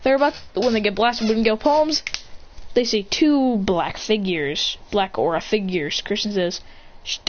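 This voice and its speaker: A woman's voice: medium pitch, normal speed. A woman reading a fan story aloud, acting out each character. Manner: lively, voices every character. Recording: dull lo-fi with faint hiss.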